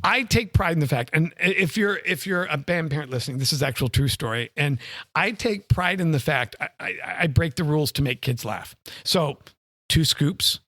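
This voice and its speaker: Animated man telling stories on a podcast. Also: on the high side, moderate pace, no echo, studio quality. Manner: animated storyteller who acts out other voices. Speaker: podcast co-host, former band director. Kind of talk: casual chat.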